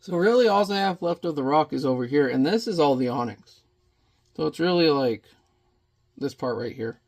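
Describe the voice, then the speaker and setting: A man's voice: fairly high pitch, expressive, moderate pace, creaky, darkish tone. A man chatting casually while he paints in watercolor, rambling and muttering to himself as he works.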